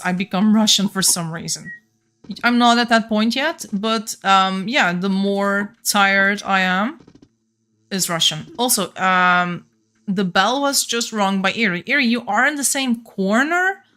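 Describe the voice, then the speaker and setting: A Belgian woman whose native language is Flemish chats casually with viewers on a game stream. Her voice sits at a medium pitch and turns a bit monotone at times, but she laughs often.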